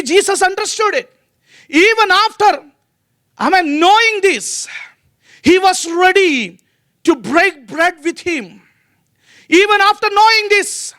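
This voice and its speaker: A man's voice: very high voice, pushed and bright. A male pastor preaching a sermon earnestly, with frequent fillers and restarts.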